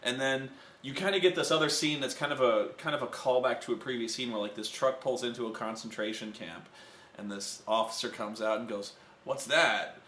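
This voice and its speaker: A man chatting casually in a comedic movie review, animated and prone to shouting out quotes. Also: medium pitch, brisk, echoey room, a little hiss or hum.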